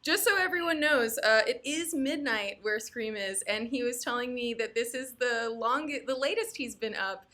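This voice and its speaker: Bubbly high-voiced woman host. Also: moderate pace, few pauses, pushed and bright. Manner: bubbly, swearing, laughs often. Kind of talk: excited live-stream interview intro.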